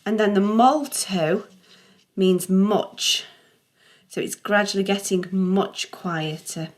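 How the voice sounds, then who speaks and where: A woman's voice: mid-range voice, takes it slowly. Patient, encouraging middle-aged woman teacher. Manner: patient, encouraging, self-correcting. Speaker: music theory teacher. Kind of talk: online tutorial explanation.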